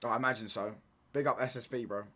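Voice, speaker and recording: Bright-voiced young guy streaming footy. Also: mid-range voice, steady tone, fast. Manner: casual banter with slang, stop-start restarts. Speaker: football watchalong streamer. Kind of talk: live stream chat reading comments.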